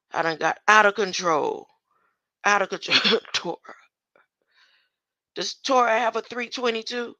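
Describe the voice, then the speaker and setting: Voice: medium pitch, sharp tone, no room sound, dull audio. An older speaker in a rambling solo monologue who reads scripture verses aloud, argues with them, laughs often and keeps asking "huh?". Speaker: self-styled scripture commentator.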